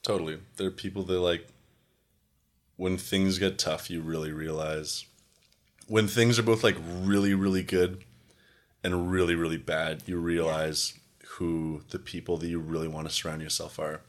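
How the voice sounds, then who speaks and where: A man's voice: low voice, flat delivery, normal speed. A young man co-hosting a podcast in casual chat, rambling with lots of filler words and cheerful swearing. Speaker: podcast co-host.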